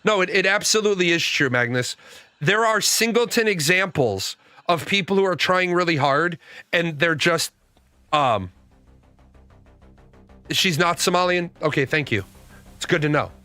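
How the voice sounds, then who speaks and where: A man's voice: fairly high pitch, expressive, normal speed, pauses often, pushed and bright, dry recording, faint music behind. A middle-aged man giving blunt, profane opinions in casual commentary, answering his viewers' comments as a show host. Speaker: podcast host.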